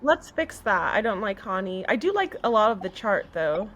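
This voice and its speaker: A woman's voice: mid-range voice, very animated, normal speed, a bit bright, a little hiss or hum. A young woman co-hosting a casual chat, laughing and sounding out made-up words. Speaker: co-host.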